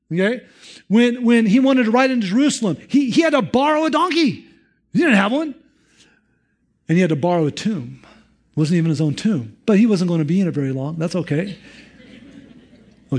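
A man preaches a sermon in a slightly higher voice. He turns animated and quick when he retells stories, then slows to put direct questions to his listeners. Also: slightly rough. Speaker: pastor.

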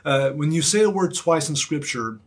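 A man's voice: on the high side, animated, moderate pace, slightly rough. A man preaching a sermon as pastor, in an earnest, emphatic manner that leans on repetition.

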